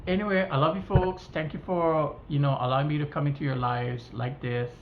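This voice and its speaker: A woman's voice: deep voice, a little fast. A woman from Hawaii with a Hawaiian Pidgin-tinged accent, vlogging a casual rant to her viewers and acting out the dialogue as she tells the story. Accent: Hawaiian Pidgin-tinged English. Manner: animated storytelling, acts out dialogue. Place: home kitchen. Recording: roomy, slightly dull, faint hiss.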